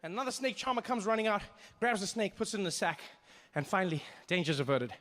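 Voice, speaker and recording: A man's voice: sits high, animated, fast, fairly bright tone. A man doing stand-up, telling a story animatedly and acting out the scenes. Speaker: stand-up comedian.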